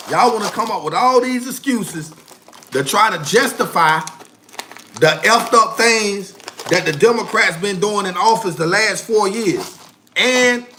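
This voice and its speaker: A man holds forth on his own livestream in a heated, rambling rant. His voice sits high and sounds bright and forceful. He repeats his points over and over in loose, slangy speech. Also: a little hiss or hum. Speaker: livestream host.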